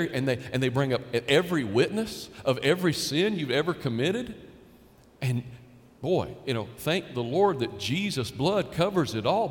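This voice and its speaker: A man's voice: a little high, in a large hall. A pastor preaching a conversational sermon, acting out quoted dialogue and repeating words as he builds a point.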